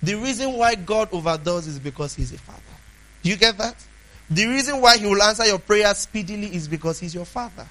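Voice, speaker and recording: A man preaching a sermon, emphatic, asking the congregation questions and swinging between loud declarations and hushed asides. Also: high voice, lively intonation, fairly quick, poor audio.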